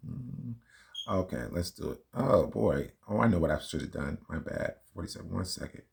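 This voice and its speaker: A man's voice: low-pitched, expressive, moderate pace, vocal fry, darkish tone. A man hosting a reaction video, talking casually and arguing emphatically between clips. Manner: emphatic, argumentative, fumbling with playback. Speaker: commentary channel host.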